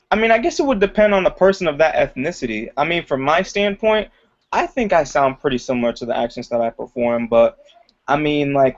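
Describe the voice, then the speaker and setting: A young man chatting as an interview guest, talking loosely with lots of "like" and "you know" and laughing often. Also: mid-range voice. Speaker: guest, aspiring comedian. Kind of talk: casual interview chat. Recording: dull lo-fi audio.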